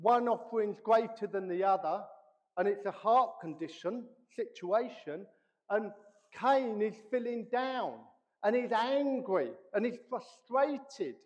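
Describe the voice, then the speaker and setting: A man preaching a sermon as pastor, animated, acting out the voices he quotes. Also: sits high. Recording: reverberant hall, dull lo-fi sound.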